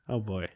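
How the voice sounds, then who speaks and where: A young man co-hosting a podcast in casual chat, rambling with many fillers and restarts, swearing freely. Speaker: podcast co-host.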